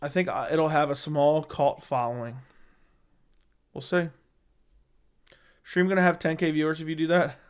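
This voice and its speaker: A man's voice: on the high side, fairly even intonation, moderate pace, long pauses, smooth. A man hosting a casual livestream, reading viewer comments and answering bluntly, often swearing and repeating himself. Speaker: MMA livestream host. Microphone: studio dynamic microphone.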